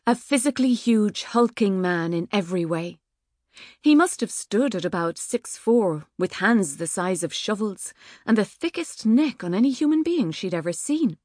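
A woman reading an audiobook in a measured, wry manner. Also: medium pitch, animated, darkish tone, dry recording, clean studio sound. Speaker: audiobook narrator. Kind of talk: scripted narration. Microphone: studio microphone.

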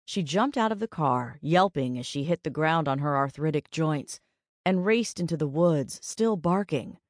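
Reading scripted audiobook narration, a woman with a low voice keeps her storytelling steady and measured. The recording is dry and of studio quality.

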